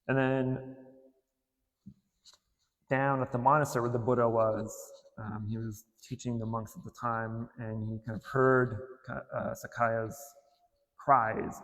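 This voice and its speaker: A man giving a casual dharma talk in a temple, retelling a story in a relaxed way with filler words and light chuckles. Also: mid-range voice. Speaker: temple speaker. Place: temple hall. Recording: long hall reverb.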